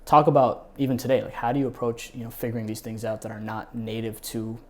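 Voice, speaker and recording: A man's voice: medium pitch, little pitch movement, fast, darkish tone. A man hosting a podcast, asking questions and nodding along with short replies. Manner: short backchannels and prompting questions. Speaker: podcast host. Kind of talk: interviewing, casual chat.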